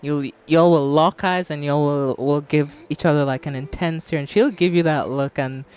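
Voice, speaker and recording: A woman's voice: low-pitched, fairly even intonation, moderate pace, a little mellow, clean tone. A woman streaming a game, chatting casually with her audience, teasing and laughing often and swearing freely.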